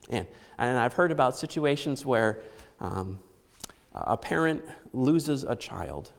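A man in his thirties preaching a sermon in an earnest, halting way, often restarting his phrases. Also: medium pitch, gravelly, darkish tone, long reverb tail. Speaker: pastor.

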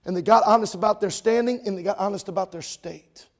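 High-voiced preacher telling revival stories. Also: male voice, fast. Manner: storytelling, voice swells to shouts then drops low. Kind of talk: revival sermon with altar call.

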